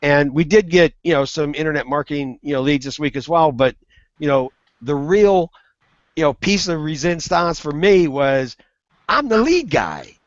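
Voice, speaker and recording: A man telling a funny business story on a web hangout, animated and acting out the quoted voices. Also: fairly high pitch, moderate pace, no echo. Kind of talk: casual storytelling. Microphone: video call. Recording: muffled web call audio.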